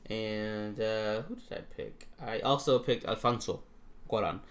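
A man hosting a casual podcast chat, running through nominees in a relaxed way, laughing often and swearing freely. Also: fairly low pitch, unhurried. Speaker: podcast host.

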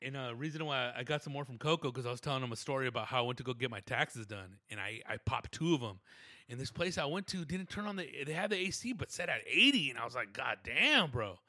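A man's voice: medium pitch, lively intonation, fast, pushed and bright, dry recording, studio quality. A man telling a rambling, slangy, profane story, dropping into voices of the people in it. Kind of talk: casual storytelling monologue.

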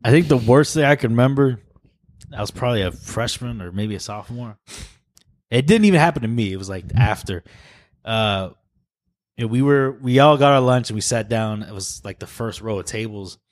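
Chill young dude rambling about school days, dry close mic. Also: male voice, medium pitch, a little fast, no echo. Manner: relaxed, reflective storyteller with fillers. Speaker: podcast co-host. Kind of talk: casual chat.

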